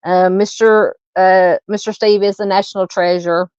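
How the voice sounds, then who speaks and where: A woman's voice: mid-range voice, fairly even intonation, moderate pace, a little mellow, smooth, no echo. A woman with a Southern US accent hosting a true crime livestream, chatting casually with many ums and uhs while reading viewer comments. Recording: dull lo-fi dry home mic.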